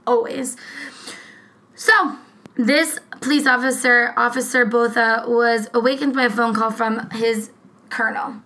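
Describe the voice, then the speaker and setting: A woman co-hosting a casual true-crime podcast, talking in a rambling, profane, animated way. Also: fairly high pitch, poor audio. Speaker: podcast co-host.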